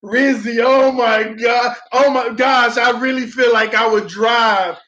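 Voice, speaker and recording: Taking it slowly, a very high-voiced man calls and reacts to a live football match with theatrical excitement, slang and loud groans. The stream sounds dull, with the high frequencies muffled.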